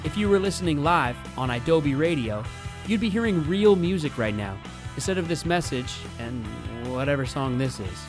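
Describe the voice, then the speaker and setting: Jokey male radio host, a bit high. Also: expressive, moderate pace, music in the background. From Seattle. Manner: jokey, playful, drifts into silly bits. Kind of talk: casual radio banter. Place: radio studio.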